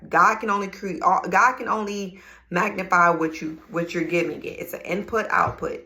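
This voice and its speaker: A young adult woman speaking in an emphatic, preachy way, repeating her points like a motivational sermon. Her slightly low voice is bright and edged with gravelly fry. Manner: preachy, emphatic, repetitive, casual slang. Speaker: spiritual vlogger. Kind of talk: inspirational monologue.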